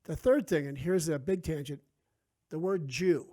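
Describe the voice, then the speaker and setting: A man's voice: fairly high pitch, normal speed. A middle-aged man from New Jersey, a podcast guest telling stories in casual chat and acting out the voices he quotes. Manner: animated, acts out quoted voices.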